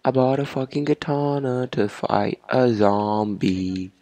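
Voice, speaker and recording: A man's voice: medium pitch, takes it slowly, mellow, no echo. A young man giving casual commentary on his first game session, repeating himself, swearing at enemies and laughing. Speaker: gamer.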